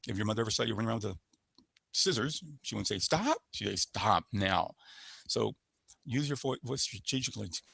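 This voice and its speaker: Gravelly low-voiced man teaching a webinar. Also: racing, a bit bright, no room sound. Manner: coaching, demonstrates voice patterns with example phrases. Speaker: webinar presenter. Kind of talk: instructional webinar talk.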